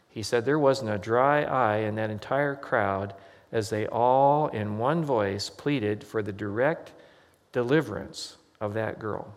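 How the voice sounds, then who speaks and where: A man's voice: fairly low pitch, measured pace, big-room sound. A man, a pastor, preaching a sermon in a conversational storytelling way and quoting the people in his stories. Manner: conversational storytelling with quoted voices.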